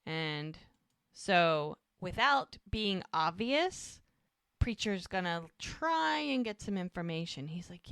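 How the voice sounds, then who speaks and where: A woman's voice: fairly low pitch, sing-song, slow pace, fairly bright tone, clean tone, no echo, clean studio sound. A woman co-hosting a casual rewatch podcast, retelling scenes and acting out the characters' lines. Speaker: podcast co-host. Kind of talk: casual recap chat.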